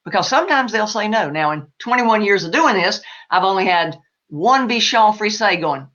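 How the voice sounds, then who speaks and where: A woman answering live questions as an animal spirit medium, emphatic and animated. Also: medium pitch, moderate pace, dull audio.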